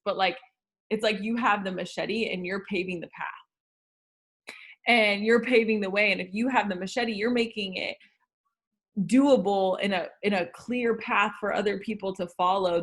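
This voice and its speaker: A woman's voice: medium pitch, a bit bright. Enthusiastic woman hosting an interview. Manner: enthusiastic, praising, visual metaphors. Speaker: host. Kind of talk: interview chat.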